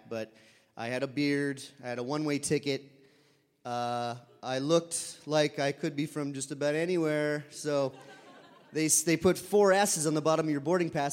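Man telling a story in a reverberant hall. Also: mid-range voice. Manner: conversational, with fillers and animated quoted voices. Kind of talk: live personal storytelling.

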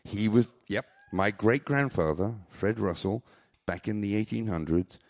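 A man's voice: lowish voice, measured pace. An older man telling rambling, jokey, self-mocking stories on stage at a live venue. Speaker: storyteller.

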